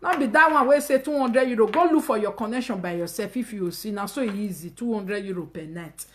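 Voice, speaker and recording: This woman rants in Nigerian Pidgin English on a casual live stream, talking fairly quickly. Her delivery is emphatic and mocking, with loud bursts broken up by quiet asides.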